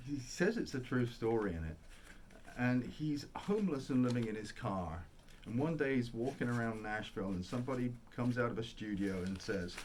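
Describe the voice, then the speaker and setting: A man's voice: mid-range voice, expressive, moderate pace, darkish tone, slight background noise. Rambling enthusiastic male record collector. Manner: rambling, enthusiastic, self-interrupting. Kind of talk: casual monologue.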